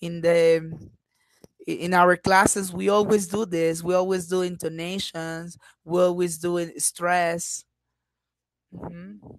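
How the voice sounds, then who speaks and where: A woman's voice: lowish voice, level tone, slow, no echo, poor audio. A woman English teacher leading an online class, patient and encouraging, dropping in frequent uh-huhs.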